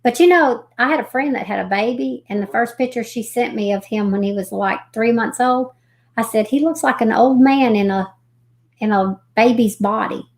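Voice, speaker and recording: A woman hosting a live stream, reading missing persons reports aloud haltingly, with folksy chatty asides. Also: on the high side. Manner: reads haltingly, stumbling over names and restarting.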